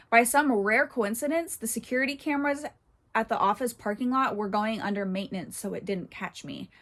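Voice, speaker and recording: A woman hosts a horse channel, reading online posts aloud and commenting on them chattily while often breaking into laughter. Her voice is a little high.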